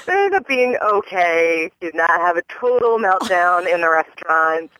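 A woman's voice: sing-song, moderate pace, a bit bright, dry recording, rough recording. Woman, young, caller, exasperated rant, mocking voices, dry close recording. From East Coast of the US. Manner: exasperated, acts out the stranger in a high mocking voice. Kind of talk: venting voicemail story.

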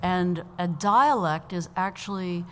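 A woman's voice: fairly low pitch, slow, slight background noise. A woman guest answering a quiz question on a live stage, thoughtful and a little hesitant.

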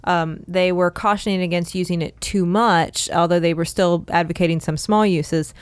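Lower-voiced woman explaining history. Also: steady tone, moderate pace, smooth, no room sound. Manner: explanatory, frequent fillers, laughs easily. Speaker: co-host. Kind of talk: casual history podcast chat.

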